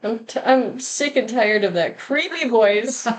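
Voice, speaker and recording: A woman's voice: on the high side, animated, unhurried, rough recording. A woman hosting a casual podcast, reading short horror stories aloud and chatting with a lot of laughter. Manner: giggly, reads stories aloud.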